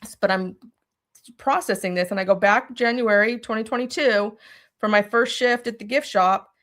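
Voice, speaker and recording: A woman telling a personal story as an interview guest, animated and speaking directly to her listeners. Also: mid-range voice, normal speed. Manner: animated, talks straight to listeners.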